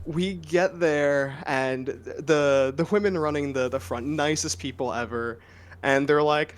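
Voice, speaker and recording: A man with a New Jersey accent chats on a casual podcast as a game master. He tells stories in a lively, joking way. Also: on the high side, a little slow. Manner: lively storyteller, animated and joking.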